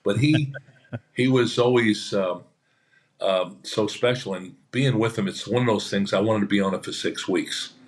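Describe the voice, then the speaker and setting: In an unhurried, lowish voice, an actor on a podcast rambles through anecdotes in a chatty manner. He voices the other people in his stories as he quotes them.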